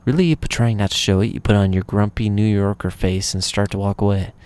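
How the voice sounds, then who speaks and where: A man reading a game's story text aloud in a relaxed way, adding casual asides. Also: on the low side, brisk, clean tone. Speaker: gamer reading a visual novel aloud.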